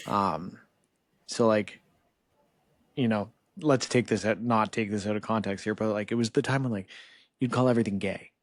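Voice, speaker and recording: A man's voice: on the low side, moderate pace, long pauses, no echo. Canadian guy in his 30s on a podcast, rambly and loose, dry close sound. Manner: relaxed, rambling, lots of "like" and "you know". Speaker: podcast guest. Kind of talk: casual interview chat.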